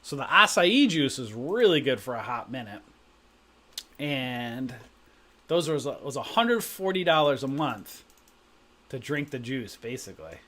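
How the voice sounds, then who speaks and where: Very animated and unhurried, with medium pitch and a fairly bright tone, a middle-aged stock trading streamer spins rambling anecdotes during a live stream. His talk is casual, and he keeps tossing in "right?"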